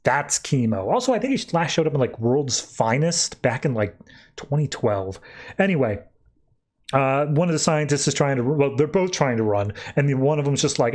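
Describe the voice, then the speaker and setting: Recapping a comic book issue on his podcast, a man speaks with an expressive, medium-pitched, darkish voice. The talk is loose and casual, coming in quick, filler-heavy bursts.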